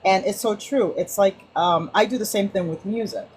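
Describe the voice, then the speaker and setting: Animated woman sharing stories on a call. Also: medium pitch, normal speed, slight background noise, low-quality recording. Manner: animated storyteller, many restarts and acted-out quotes. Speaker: book club participant. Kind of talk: casual sharing in a group call.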